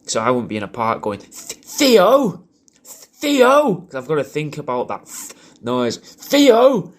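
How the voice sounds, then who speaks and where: A man rambles through a casual video message, swearing freely and restarting his sentences. His voice sits at a middling pitch. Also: brisk, a bit bright. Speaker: comedian recording a personalised video message.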